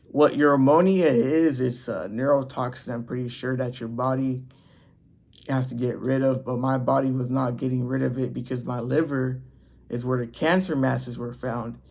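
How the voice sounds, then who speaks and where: Gravelly young man rambling through a story. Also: medium pitch, fairly even intonation, normal speed, a little mellow. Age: 20s. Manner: rambling, loose, self-interrupting delivery. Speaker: vlogger. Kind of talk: casual storytelling to camera.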